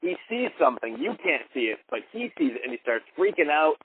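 A man's voice: a little high, sing-song, brisk. A man recapping a film plot in a chatty, filler-heavy way on a podcast. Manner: chatty retelling, heavy use of like. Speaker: podcast co-host. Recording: tinny phone-like line with faint hiss.

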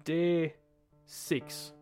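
A man's voice: a little high, little pitch movement, extremely slow, a little mellow, clear, resonant tone, faint music behind. A man with an Irish accent retelling a story in a casual, profane, repetitive, conversational way.

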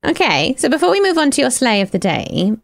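A woman's voice: sits high, huge pitch swings, fairly quick, vocal fry. Gushing enthusiastic woman podcast host. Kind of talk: casual chat.

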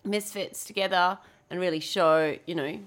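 A woman with a fairly low voice chats loosely on a podcast. She swears freely, laughs often and trips over restarts as she tells her story. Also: steady tone, normal speed. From lives in Bali. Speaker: podcast co-host. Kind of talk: casual chat.

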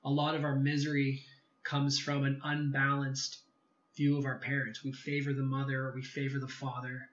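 A man being interviewed, telling a personal story in a casual, animated way and acting out quoted dialogue. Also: medium pitch, moderate pace. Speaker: podcast guest. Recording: echoey room, slightly dull sound.

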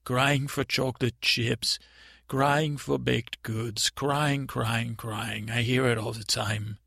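An actor playing a timid, naive boy prince in an improvised comedy podcast, telling a story in a halting, stammering, meandering way. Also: mid-range voice, fairly even intonation, creaky, bright, forceful tone, dry recording, clean studio sound, heavily acted. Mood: rambling. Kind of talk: improvised comic monologue.

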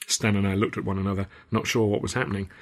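A man's voice: fairly low pitch, steady tone, fast talker, vocal fry. A man narrating his own novel in the first person, with a dry, wry delivery. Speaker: author-narrator.

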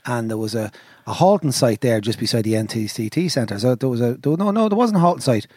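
A middle-aged Irish man telling a rambling, animated, sweary story in a casual chat. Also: medium pitch, a little fast, husky, dry recording. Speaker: podcast storyteller.

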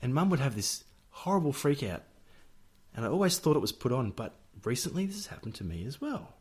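A man's voice: mid-range voice, very animated, a little fast, a little mellow, husky. A middle-aged Australian man co-hosting a podcast, telling family stories in a jokey way and laughing often. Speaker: podcast co-host. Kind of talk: casual storytelling chat.

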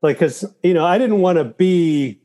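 A man talking as a guest in a casual interview, telling animated stories with profanity and quoting his own thoughts aloud. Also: high voice, normal speed. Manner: animated storytelling with profanity and quoted inner thoughts. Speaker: guest, filmmaker and actor.

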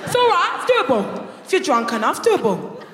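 A young woman performing a loud, brash stand-up comedy routine on a theatre stage, breaking into shouts as she tells her story. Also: sits high, sing-song, brisk, a crowd in the background, noisy background. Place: theatre stage before a live audience. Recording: echoey hall with loud audience laughter.

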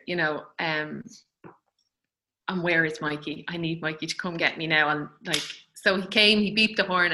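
Bright-voiced Irish woman telling a story. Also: fairly low pitch, low-quality recording. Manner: chatty, laughs often, acts out dialogue. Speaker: mother telling her birth story. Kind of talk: casual storytelling.

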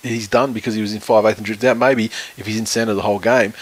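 Bloke, 30s, husky lowish voice, rambling sweary podcast co-host. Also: male voice, steady tone, fast. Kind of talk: casual sports chat.

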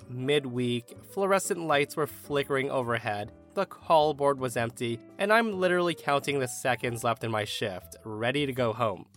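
A man's voice: mid-range voice, a bit bright. A man hosting a podcast, narrating online stories with wry, chatty asides to his listeners. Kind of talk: storytelling narration.

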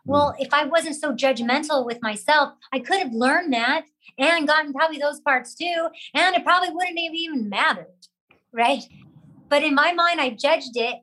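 A woman being interviewed on a podcast about her acting career. She speaks with a somewhat high voice. She is candid and reflective, and talks openly in easy conversation. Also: normal speed, pushed and bright, poor audio. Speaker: actress, podcast guest. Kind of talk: casual interview chat.

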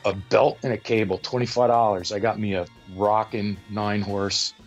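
A man in casual podcast chat, telling stories in an animated way and slipping into quoted voices. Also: lowish voice, normal speed, muffled recording, soft background music.

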